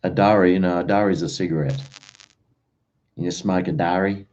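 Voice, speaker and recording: Australian male streamer, low mellow voice, chatty rambler, muffled home recording. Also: fairly even intonation, moderate pace. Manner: rambling, chatty, uses slang and mate. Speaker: livestream host. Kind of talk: casual chat with live viewers. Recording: dull lo-fi stream audio.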